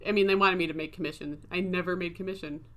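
A woman's voice: fairly low pitch, fairly even intonation, fast, fairly bright tone. A woman in her thirties telling a rambling, self-deprecating story as a casual vlog voice-over. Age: 30s. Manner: chatty, self-deprecating, laughs while talking. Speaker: video creator.

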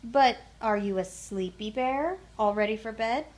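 A woman voicing a gentle, fond father bear in a storybook reading. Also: on the high side, measured pace, close to an everyday voice.

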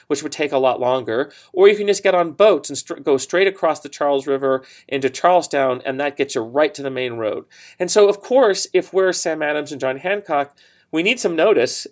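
A man teaching a history lecture, telling the story casually with fillers, asides and quick self-corrections. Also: fairly high pitch. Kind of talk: recorded classroom lecture.

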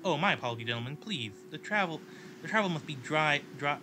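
A man's voice: on the high side, expressive, quick pace, background noise, close to an everyday voice. A man voicing a scheming, menacing Southern governor in a game story he narrates, speaking in a sly, mocking way. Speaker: in-game story character voiced by player.

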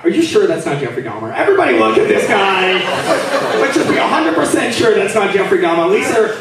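A young man with a high, lively voice teases the crowd in brash stand-up crowd work. He is heard from a distance in a very echoey club, with loud noise behind him, and keeps breaking into laughter. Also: fast talker, creaky. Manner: brash, teasing, laughing between lines. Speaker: stand-up comedian. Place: comedy club stage, live audience.

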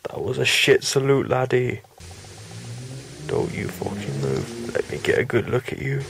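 A young man voicing a foul-mouthed male drill sergeant, shouting and bullying. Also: mid-range voice, big pitch swings, a little slow, vocal fry, background noise. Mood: barking.

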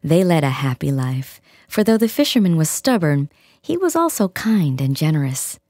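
A woman reading a fairy tale aloud in a gentle, hushed storytelling manner, with a soft, breathy, near-whispered delivery. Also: low voice, big pitch swings, normal speed, no echo, clean studio sound. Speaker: audiobook reader. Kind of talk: storybook narration.

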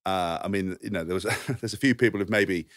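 Rambling low-voiced man on a podcast. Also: brisk, no room sound, studio quality. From England. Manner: rambling, animated, acts out voices in his stories. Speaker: podcast co-host and former rugby player. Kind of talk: casual anecdote telling.

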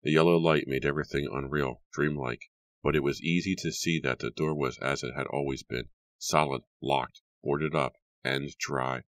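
A man narrating a horror audiobook in a steady, measured reading. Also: rumbling low, no room sound.

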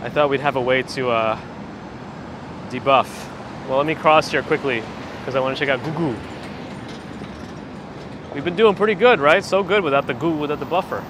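A perky man chats his way through a live walk, reacting to viewer comments as he goes. He talks at an everyday middle pitch. He is recorded outdoors on a handheld rig, and clear street traffic noise runs underneath. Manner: chatty, reads viewer comments aloud. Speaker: livestream host. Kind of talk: casual walking livestream chat. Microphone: handheld phone gimbal mic. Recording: noisy outdoor street audio.

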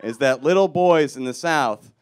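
On a club stage, a young man from Milwaukee performs stand-up with a deadpan, self-mocking delivery, punching up his jokes. His pitch is medium and his pace moderate.

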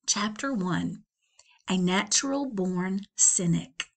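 A woman's voice: mid-range voice, lively intonation, unhurried. A middle-aged woman, a school librarian, reading a children's novel aloud with chatty asides to young listeners.

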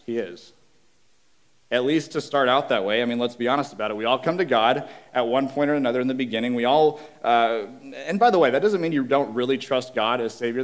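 A man preaching a sermon in an earnest, conversational voice at a middling pitch. He leans on repetition for emphasis, and on key phrases his voice sinks low and quiet. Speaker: guest preacher.

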